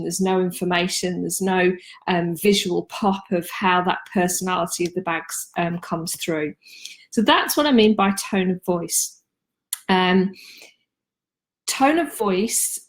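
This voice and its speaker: A woman, talking casually and practically about marketing tips on a live stream, with frequent ums. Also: medium pitch. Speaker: marketing consultant and host.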